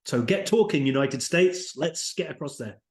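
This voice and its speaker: A man's voice: on the high side, lively intonation, normal speed. A man with a British accent, a company founder and podcast guest, chatting enthusiastically and telling stories. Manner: enthusiastic, storytelling, acts out quotes. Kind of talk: casual interview chat. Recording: roomy echo.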